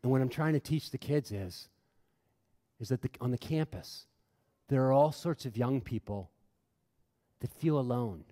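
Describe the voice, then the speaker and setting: A man's voice: medium pitch, moderate pace, long pauses, mellow. A middle-aged man giving an impassioned talk to an audience as a humanist chaplain, an earnest storyteller who repeats phrases for emphasis. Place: large hall before an audience. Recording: long hall reverb.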